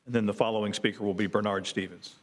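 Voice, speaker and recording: A man acting as the meeting clerk, calling the next speakers and giving time warnings in a brisk, matter-of-fact way in a city commission chamber. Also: lowish voice, fairly even intonation. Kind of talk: procedural announcements.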